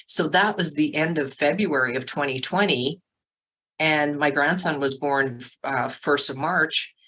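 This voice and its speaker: A middle-aged woman, a sobriety coach, telling her story as a podcast guest in a lively way, acting out the voices of others and filling her talk with "like". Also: low voice, unhurried, husky, poor audio. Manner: animated, acts out quotes, many "like" fillers. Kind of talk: casual storytelling interview.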